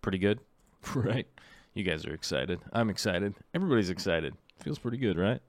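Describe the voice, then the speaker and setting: A man's voice: low voice, expressive, moderate pace, no echo. A middle-aged man hosting a live stream, chatting casually and rambling with lots of fillers and jokes. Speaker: livestream host.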